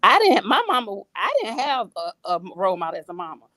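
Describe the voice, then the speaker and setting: A woman's voice: mid-range voice, big pitch swings, fast, fairly bright tone, no echo. A woman guest on a faith talk show, a single mother, speaking with a preachy, repeating style full of restarts.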